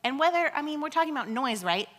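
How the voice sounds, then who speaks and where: A woman in her thirties preaching a sermon in a conversational, animated way, often dropping to a hush. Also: high-pitched, fast talker. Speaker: pastor.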